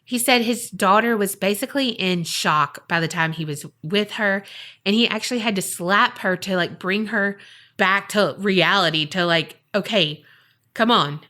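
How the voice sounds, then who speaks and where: A woman's voice: mid-range voice, normal speed. A woman hosting a podcast, casually telling a paranormal story and acting out the voices of the people in it. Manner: lively, acts out quoted voices. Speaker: podcast host.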